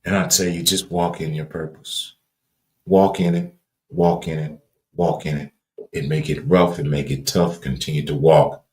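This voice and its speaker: A deep-voiced man with a Southern drawl talks like a preacher on his livestream. His cadence is folksy and repetitive, and he leans hard on his words. The sound carries a noticeable room echo. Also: lively intonation, moderate pace, a little mellow. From Louisiana. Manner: emphatic and earnest, builds to raised emphasis. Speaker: livestream host. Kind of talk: preachy motivational talk.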